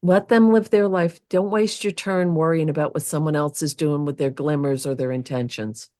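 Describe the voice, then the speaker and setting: A woman co-host chats casually and affirms what her partner says. Her voice is on the low side, and the recording is dry and close. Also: fairly even intonation, normal speed, warm tone, dry recording. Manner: supportive, affirming. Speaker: podcast co-host. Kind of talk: casual chat.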